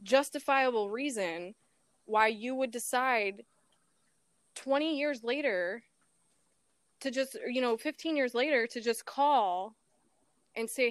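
A woman with a smooth, resonant voice, telling a painful family story over a call. She talks with feeling and acts out the voices in the exchanges she recalls. The sound is close and dry. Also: on the high side, a little slow, dry recording. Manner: animated storytelling, acts out phone dialogue, nervous laughs. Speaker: guest, daughter of a missing woman. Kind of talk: emotional personal account in an interview.

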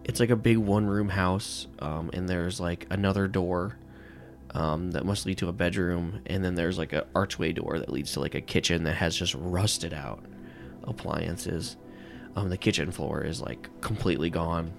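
A man's voice: low voice, normal speed, gravelly, faint music behind. A man narrating a tabletop game as game master, rambling and filling with "like" and "um.". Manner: rambling, full of "like" and "um".

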